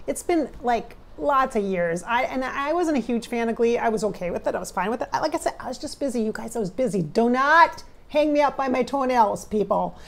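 During a channeling session, a middle-aged woman psychic medium talks casually and emotionally straight to her viewers in a chatty way. Her voice is fairly high and creaky.

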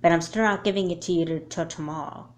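A woman voicing a caring but firm mother in a home-made doll movie, speaking in a gentle, parental way. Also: lowish voice, fast, natural voice.

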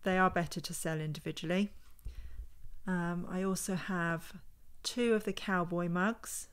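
A woman's voice: on the low side, fairly even intonation, clean tone. Chatty woman showing her finds. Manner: chatty, unhurried, thinking aloud while handling items. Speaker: vintage homeware reseller. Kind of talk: casual show-and-tell vlog. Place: at home.

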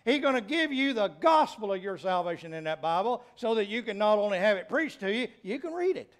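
A middle-aged pastor with a high-pitched voice preaches briskly. His sermon is folksy and animated, with emphatic peaks that keep rising.

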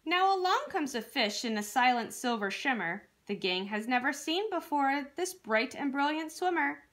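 A woman reading a rhyming children's picture book aloud with an expressive rhythmic delivery. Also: high-pitched, moderate pace. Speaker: children's storyteller.

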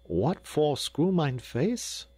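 A man voicing a good-humored Dutch boy who speaks halting broken English with a thick put-on accent and lisped s sounds, for an audiobook. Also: fairly high pitch, big pitch swings, dark tone, husky, dry recording, pitched above the performer's own voice, exaggerated voice. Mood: puzzled. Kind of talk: audiobook character voice.

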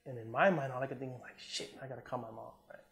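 Army vet guy from socal telling a war story, loose and laid back, swears a lot, middle pitch voice. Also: quick pace, creaky, crowd noise. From Southern California. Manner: relaxed, profane, lots of "man" and "you know", acts out quotes. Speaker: interview guest, Army combat veteran. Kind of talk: casual storytelling interview.

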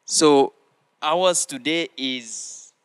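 Guy hosting a kids church show, really slow and careful, gets the kids to repeat after him, dry close sound. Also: on the high side, clear, resonant tone, no room sound. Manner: slow, deliberate, prompting listeners to repeat phrases. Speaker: children's church show host. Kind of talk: teaching children with call-and-response.

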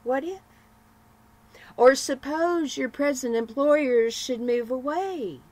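A woman voicing a gloomy churchgoing lady who frets over worried what-if questions, raising her pitch and volume. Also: slow, darkish tone, no room sound. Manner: fretful, piling up worried questions.

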